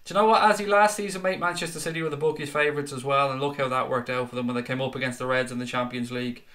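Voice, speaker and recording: A man's voice: mid-range voice, level tone, racing, bright, forceful tone. A man hosting a fan live stream, chatting casually, reading out viewer comments and calling people mate. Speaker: fan channel host reading live chat.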